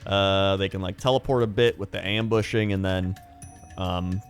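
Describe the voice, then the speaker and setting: This hobby video host is a young man with a deep, clean voice, fairly even intonation and normal speed, with soft music behind him. In a casual, enthusiastic monologue he rambles, chuckles frequently and keeps restarting.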